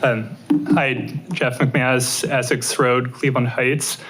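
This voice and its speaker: A man giving a measured, reasoned public comment at a city council meeting at a podium microphone. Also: medium pitch, level tone, background noise. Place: council chamber.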